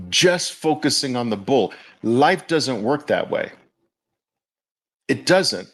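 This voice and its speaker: A male host giving market commentary in an animated, exclamatory way. His pitch swings widely while he keeps an unhurried, drawn-out pace, often sounding incredulous.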